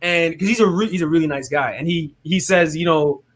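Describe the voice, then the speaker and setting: Animated man telling a faith testimony. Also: a little high, fairly quick. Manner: animated, often tags "right?", acts out other people's words. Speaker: interview guest. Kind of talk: casual faith testimony storytelling.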